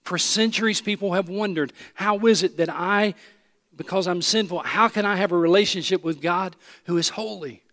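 A man preaching a sermon, emphatic and repeating his phrases, sometimes dropping to a hushed voice. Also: high-pitched, moderate pace. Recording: long hall reverb.

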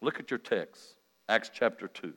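A visiting male revival preacher gives a folksy, joking sermon, swinging from quiet asides to loud emphatic calls. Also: fairly low pitch, expressive, unhurried. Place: church sanctuary during an evening meeting. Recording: long reverb of a large church hall.

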